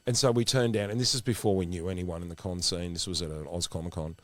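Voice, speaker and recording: Low-voiced man telling stories. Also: fast, no echo. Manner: animated storyteller who acts out the voices of the people in his stories. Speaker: podcast host. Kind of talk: casual chat.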